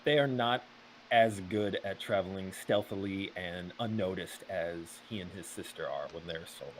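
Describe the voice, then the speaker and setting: A man narrating as game master of a tabletop game, measured and steady with frequent ums. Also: low-pitched, a little hiss or hum, poor audio.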